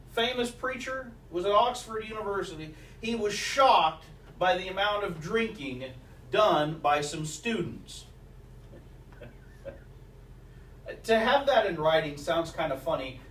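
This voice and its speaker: A man's voice: high voice, a bit bright, slight background noise. A man preaching a sermon as the pastor, telling stories and quoting scripture along with old sayings of mothers. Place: church sanctuary. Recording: echoey church recorded from a distance.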